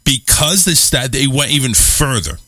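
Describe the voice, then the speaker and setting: A married adult radio show host with a bright, forward, mid-range voice tells a rambling, self-mocking story in casual talk-show chat. He swears freely, keeps it lively, and speaks at normal speed. The sound is close and dry, with no room sound.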